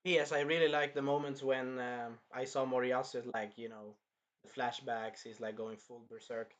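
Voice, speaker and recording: A man's voice: medium pitch, little pitch movement, moderate pace. A young man hosting a casual anime review, rambling with lots of fillers and acting out scenes.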